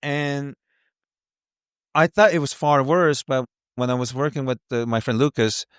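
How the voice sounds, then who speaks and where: A man hosting a podcast, mostly giving short replies and telling his own memories in halting bits. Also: medium pitch, fairly even intonation, clean tone, dry recording, clean studio sound. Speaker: podcast host. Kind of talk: casual interview chat.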